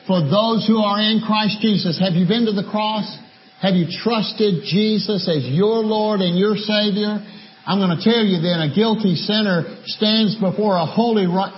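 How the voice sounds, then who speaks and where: A man preaching a sermon, who repeats key phrases for emphasis and slows down on scripture. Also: high-pitched. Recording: dull lo-fi sermon recording.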